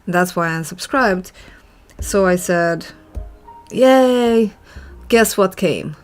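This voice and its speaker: A woman's voice: fairly low pitch, unhurried, soft background music. A woman hosting an art channel, chatting casually and rambling while she draws and reads viewer comments. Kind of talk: casual chat while drawing.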